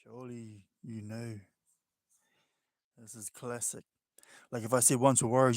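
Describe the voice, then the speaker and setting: Drawing on his livestream, a laid-back, chatty man with a New Zealand accent keeps addressing listeners as bro. He talks a little slowly with long pauses, his mid-range voice steady in a clean, echo-free studio recording.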